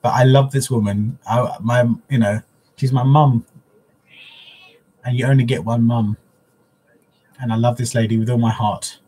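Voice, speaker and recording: A man's voice: mid-range voice, fairly even intonation, moderate pace, long pauses, dark tone, slightly rough. A man hosting a casual craft livestream from home, talking openly and emotionally to his viewers. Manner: openly emotional, soppy, chatty. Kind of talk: casual live-stream chat. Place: at home, in a living room.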